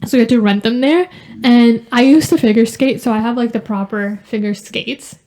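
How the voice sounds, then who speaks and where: A young woman co-hosting a casual sibling podcast, telling animated stories full of "like". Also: fairly high pitch, normal speed. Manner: animated storytelling with lots of "like". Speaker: podcast co-host.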